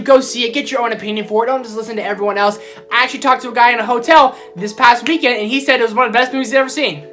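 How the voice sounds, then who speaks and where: A woman reviewing films in a casual vlog, excitable and easily riled up as she rants. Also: a little high, rapid-fire, faint music behind. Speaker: film vlogger. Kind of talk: casual movie review rant.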